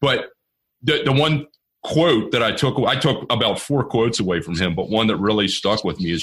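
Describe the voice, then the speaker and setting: A man's voice: on the low side, normal speed, fairly bright tone, husky. A man from Baltimore in his thirties, hosting a podcast and chatting in a rambling, conversational way. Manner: rambling, with restarts and quoted dialogue. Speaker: podcast host. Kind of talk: conversational interview.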